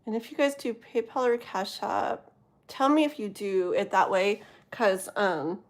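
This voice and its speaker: A woman in her thirties from the US West Coast, chatting casually on a live stream as a tarot reader, giggling often and easily sidetracked, sometimes dropping to a hushed voice. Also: mid-range voice, unhurried. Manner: drops to a hushed voice at times. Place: home with thin walls.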